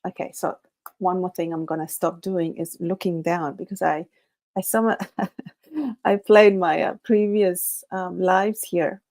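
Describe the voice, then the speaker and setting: A woman's voice: fairly low pitch, fairly even intonation, a little mellow. Nervous woman, Spanish native, chatting live. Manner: halting, many restarts and nervous laughs. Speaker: livestream host. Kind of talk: casual livestream chat.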